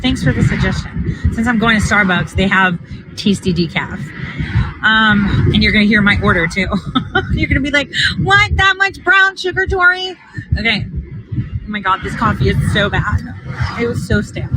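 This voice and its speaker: A political organizer who vlogs talks casually to her viewers while heading to a coffee drive-thru. Her medium-pitched voice comes over a noisy background, and she's blunt, emphatic, and swears often.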